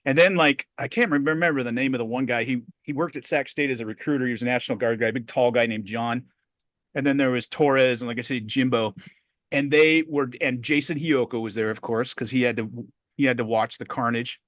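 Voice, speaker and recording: A middle-aged man co-hosting a podcast, telling a story in a profane, animated way. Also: medium pitch, fairly quick, no echo, studio quality. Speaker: podcast co-host. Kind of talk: casual podcast chat.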